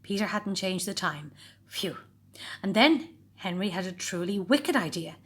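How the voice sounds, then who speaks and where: A woman narrating a children's storybook, expressive and voicing every character. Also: medium pitch, unhurried, husky.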